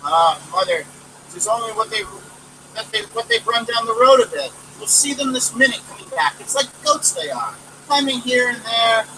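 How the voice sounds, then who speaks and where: A woman's voice: on the high side, animated, normal speed, recorded from a distance, background noise, voice pushed up. A man doing a bold young farm girl. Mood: reassuring. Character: brave young peasant girl, eldest daughter.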